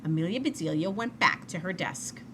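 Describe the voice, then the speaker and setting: A woman reading a children's story aloud in an expressive, animated way. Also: on the low side, normal speed, slight background noise. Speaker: storybook reader.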